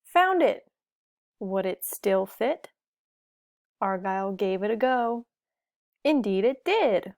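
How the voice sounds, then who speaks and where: Slow-reading woman telling a children's story. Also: medium pitch, no echo, clean studio sound. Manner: gentle, asks the listener questions. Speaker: storybook reader. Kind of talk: reading a picture book aloud to children.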